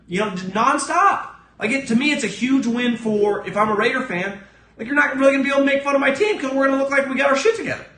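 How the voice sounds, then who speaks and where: A man's voice: fast talker, pushed and bright, roomy sound. A man hosting a sports podcast alone, giving blunt, profane, emphatic opinions. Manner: acts out other people's lines in a lower voice. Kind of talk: solo opinion rant.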